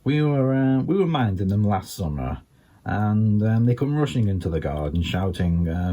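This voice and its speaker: An older man with a Scouse accent doing a rambling stand-up comedy routine, full of ums and asides. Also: moderate pace. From England. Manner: rambling, filled with ums and you-knows, lively pitch swings.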